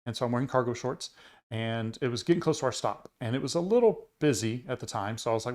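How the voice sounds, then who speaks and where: A man's voice: mid-range voice, expressive, fast talker, darkish tone. A man co-hosting a podcast, telling a travel story in casual chat with plenty of fillers and restarts. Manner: rambling storyteller with many fillers. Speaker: podcast co-host.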